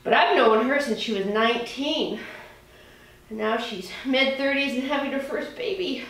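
A woman's voice: high-pitched, moderate pace, a bit bright. A woman in her forties leading a dumbbell workout, chatting casually, laughing often and swearing now and then. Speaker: fitness trainer. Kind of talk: workout instruction with casual chat. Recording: roomy echo, voice from a distance.

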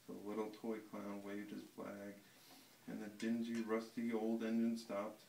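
A man reads a picture book aloud to a child, his voice gravelly with fry. The sound is roomy and echoey, and a faint hiss sits behind it. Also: on the low side, completely flat delivery, measured pace, warm tone, distant mic. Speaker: reader to a child.

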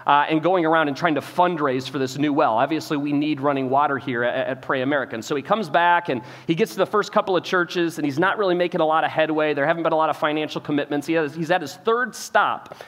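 A male pastor telling a story in a sermon, animated, acting out the people he quotes, often repeating words and saying "like.". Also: fairly high pitch, fast talker, hardly any pauses, in a large hall. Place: church auditorium.

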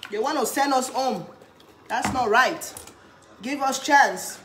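A woman chatting casually in an eating vlog, humming with pleasure between bites and cheering when something catches her eye, then giving a playful pitch for her own products. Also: takes it slowly, a bit bright, a little hiss or hum. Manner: chatty, talks while eating, hums with pleasure, bursts into cheers. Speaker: cooking vlogger.

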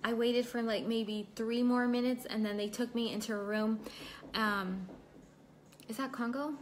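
A woman's voice: a little high, steady tone, unhurried, slight background noise. Chatty young woman livestreaming. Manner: chatty, reads viewer comments aloud. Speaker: livestream host. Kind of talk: casual livestream chat. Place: at home indoors.

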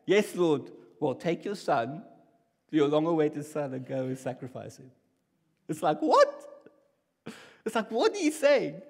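A man preaching a sermon in a church hall, talking in a casual, conversational way that drops to near whispers and rises to loud bursts. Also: on the high side. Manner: conversational, swings from hushed to loud. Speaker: pastor. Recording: long hall reverb.

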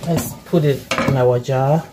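A woman's voice: a bass voice, fairly even intonation, measured pace, very noisy. A woman, who has a cold, hosting a chatty, reassuring cooking tutorial in her home kitchen. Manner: chatty, reassuring, repeats okay. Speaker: cooking channel host.

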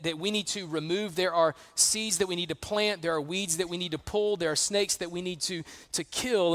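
A man's voice: high-pitched, a bit bright. A man preaching a sermon as pastor, conversational and emphatic, acting out quotes and building intensity. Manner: conversational, uses acted-out quotes.

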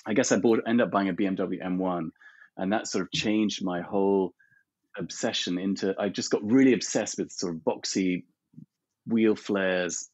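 Husky man with dry, dull lo-fi sound. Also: deep voice, moderate pace, dry recording. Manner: animated, laughs often, trails off and restarts. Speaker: podcast guest, artist and photographer. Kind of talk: casual chat.

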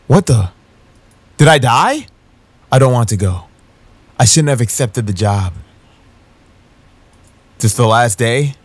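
A man commenting on a horror game as he plays, loud and swearing, with jumpy reactions and game text read aloud. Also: medium pitch, lively intonation, slow pace, pauses often, no room sound, rough recording. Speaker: gameplay commentator.

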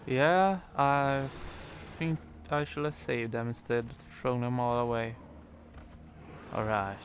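A man's voice: mid-range voice, fairly even intonation, slow, slight background noise. A man commentating his game playthrough, joking and talking to the characters on screen. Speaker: gamer. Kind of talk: let's play commentary.

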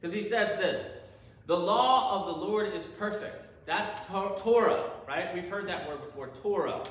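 Speaking at a normal speed, a male pastor with a high, fairly bright voice delivers a sermon in a church sanctuary. He enthusiastically breaks down Hebrew words and asks rhetorical questions, captured with a roomy, distant sound.

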